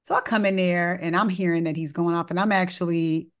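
A woman doctor with a low, deep-set voice tells a story in easygoing, informal talk. She acts out the exchanges with the people in it and keeps a conversational pace. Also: fairly quick. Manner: animated, acts out dialogue in the story; casual, informal wording.

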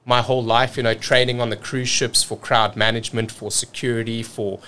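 A man from South Africa telling a story as a podcast guest, energetic and repeating words as he rushes on. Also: mid-range voice, clean tone. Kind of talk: casual storytelling.

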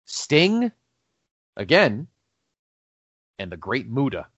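A man co-hosting a casual podcast, counting down matches in a lively, newscaster-like delivery. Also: lowish voice, normal speed, no room sound. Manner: lively, breaks into a mock newscaster voice for recaps. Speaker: podcast co-host. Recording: dull lo-fi Skype call sound.

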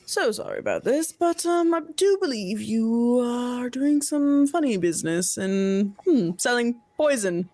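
A polite, proper-sounding goliath warrior woman in a tabletop adventure, as a player puts her on, a little higher than her usual voice. She speaks slowly and with mock formality, soft music underneath. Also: lively intonation.

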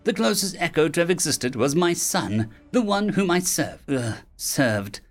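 A man's voice: fairly high pitch, very animated, measured pace, soft background music, voice pushed up. A man voicing a moody ancient fairy woman. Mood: airy. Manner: bubbly then snappish, theatrical. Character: mercurial ancient female fairy, lofty and moody.

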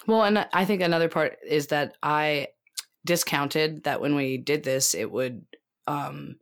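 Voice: medium pitch, a little slow, fairly bright tone. An anxious co-host rambling and laughing nervously through a casual podcast chat recorded over a remote call. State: anxious and sweaty.

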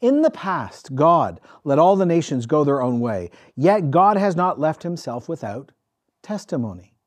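A male pastor preaching a sermon, telling a story with emphatic, animated delivery. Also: a little high, measured pace.

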